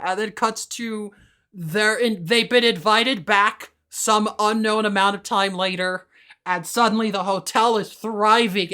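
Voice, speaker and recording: A woman's voice: mid-range voice, bright, forceful tone, clean tone. A woman co-hosting a podcast in casual chat, enthusiastic, laughing often and stumbling over her first words. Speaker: podcast co-host.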